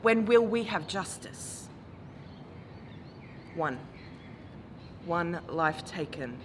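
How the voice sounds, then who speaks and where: Woman in her forties, spoken word poet, unhurried and grave, over a noisy backdrop of traffic. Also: lowish voice, expressive. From Australia. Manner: measured, grave delivery rising to impassioned calls. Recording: noisy recording with traffic ambience.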